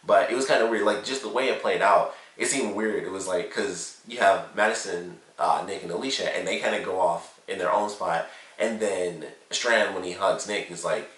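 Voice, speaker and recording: A man's voice: low-pitched, normal speed, fairly bright tone, far from the mic. A man giving a casual, rambling recap and review of a TV episode, full of "like" and "you know". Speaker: TV show reviewer. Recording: roomy echo, set back from the mic.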